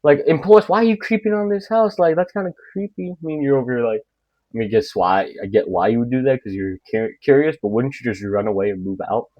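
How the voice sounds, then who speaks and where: A man reading creepy online stories in an even, middle-pitched voice. He reads slowly and keeps slipping into goofy, rambling side comments. The recording is dull and dry, with no room sound. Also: no room sound. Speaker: YouTube story reader.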